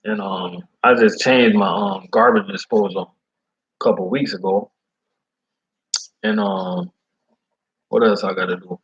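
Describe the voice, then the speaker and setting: Slangy, animated delivery driver man. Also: on the low side, a little slow, creaky, long pauses, dull audio. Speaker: food service delivery driver. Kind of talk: casual chat.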